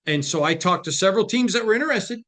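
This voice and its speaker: A man hosts a casual sports talk show, answering viewers with emphatic, sometimes preachy conviction and quick jokes. His voice sits somewhat high for a man. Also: expressive, fairly bright tone. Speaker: host.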